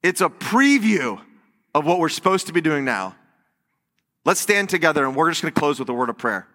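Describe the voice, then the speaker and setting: A man's voice: on the high side, brisk, in a large hall. A man preaching a sermon as pastor in a church, telling stories animatedly and acting out the quotes. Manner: animated storytelling with acted-out quotes. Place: church sanctuary.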